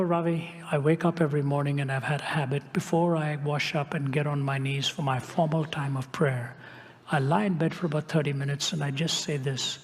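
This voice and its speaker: An older man telling a story in a sermon, dropping at times to a hushed whisper. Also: on the high side, big-room sound. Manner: dramatic shifts to a hushed whisper. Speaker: preacher.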